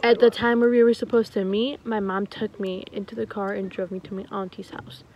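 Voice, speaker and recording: A woman voicing a young boy who apologizes earnestly, halting as she improvises. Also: medium pitch, little pitch movement, muffled recording, slight background noise, natural voice. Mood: apologetic.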